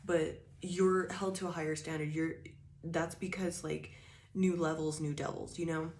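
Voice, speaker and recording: A woman's voice: low voice, little pitch movement, moderate pace, a little mellow, roomy sound, a little hiss or hum. A woman giving a casual spiritual tarot reading, rambling and chatty, with lots of filler words. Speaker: tarot reader.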